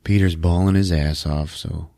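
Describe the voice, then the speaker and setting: A man's voice: deep voice, fairly even intonation, moderate pace, creaky, mellow, dry recording, studio quality. A man hosting a podcast, casually retelling a film with loose, profane energy. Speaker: podcast host recapping a film. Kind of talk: casual chat.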